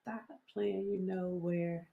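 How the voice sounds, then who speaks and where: A woman's voice: on the low side, little pitch movement, takes it slowly, gravelly, phone-quality sound. A woman with a Southern American accent, hosting a casual commentary vlog, sassy and laughing often as she talks to her viewers. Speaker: YouTube commentary host.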